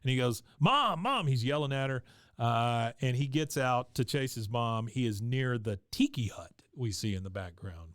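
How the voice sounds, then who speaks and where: Podcast co-host, man, mid pitch, dry close sound, chatty recap with frequent laughs. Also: fairly even intonation, normal speed, no room sound. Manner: laughs often, narrates scenes with quoted lines. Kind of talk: casual chat recapping an episode.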